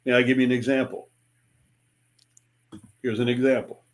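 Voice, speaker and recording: A man's voice: medium pitch, normal speed. An older man, a sales speaker and author, telling stories in an interview and acting out sales dialogues in changing voices. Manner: animated, acts out sales dialogues in different voices. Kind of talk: interview guest storytelling.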